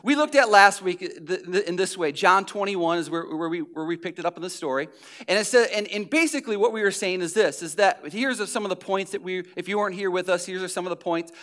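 A man with a notably high voice preaches to his congregation in a loose, conversational way. He circles back on key phrases, stumbles into restarts and pushes on with earnest emphasis. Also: brisk, a bit bright. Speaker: pastor. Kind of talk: sermon.

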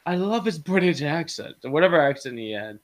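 A man with a high voice chats loosely about a film, rambling between thoughts and laughing often. He swears freely and breaks into mocking impressions. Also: lively intonation, a little fast. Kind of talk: casual movie review chat.

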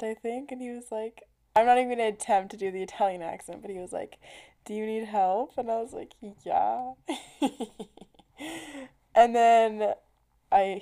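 A young woman hosts her solo podcast in a loose, rambling chat, full of "like" and casual swearing. Her voice has a soft, warm, mellow tone at an ordinary middle pitch. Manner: chatty and rambling, heavy use of "like", casual swearing. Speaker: podcast host.

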